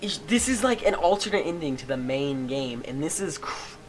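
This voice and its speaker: Excitable man reading a story game. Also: a little high, normal speed. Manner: excitable, loud outbursts. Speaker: gamer. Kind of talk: reading a visual novel aloud and reacting.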